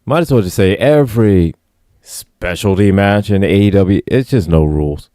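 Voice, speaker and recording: A man's voice: low voice, normal speed, mellow, dry recording, clean studio sound. A man co-hosting a livestream, complaining in a laid-back but profane way. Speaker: co-host. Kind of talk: casual livestream banter.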